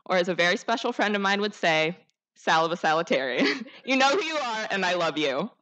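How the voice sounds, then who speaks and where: A woman's voice: medium pitch, lively intonation, fairly quick, pushed and bright. A teenage girl, the class salutatorian, giving an earnest, heartfelt and rousing graduation speech at a podium microphone. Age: teens. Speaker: student speaker, salutatorian.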